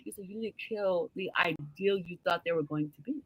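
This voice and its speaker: A woman's voice: lowish voice, fairly quick, fairly bright tone, breathy edge. A woman hosting a book club chat, talking expressively and with enthusiasm. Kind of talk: casual chat.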